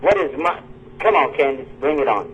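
This time the radio host and lecturer is brisk, his mid-range voice swinging widely in pitch. Broadcasting a live lecture from a university in dull lo-fi sound with faint noise, he teaches while joking with and quizzing his listeners.

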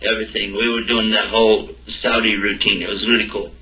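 A man's voice: lowish voice, flat delivery, fairly quick, pushed and bright. A man telling a personal story in a talk, acting out both sides of the dialogue. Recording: roomy and distant from the mic.

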